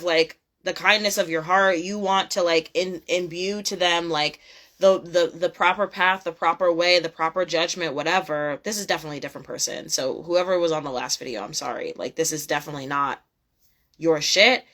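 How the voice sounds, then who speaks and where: A woman's voice: fairly low pitch, fairly quick, a bit bright. A young woman giving a casual tarot reading, blunt and profane, repeating her points emphatically. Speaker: tarot reader.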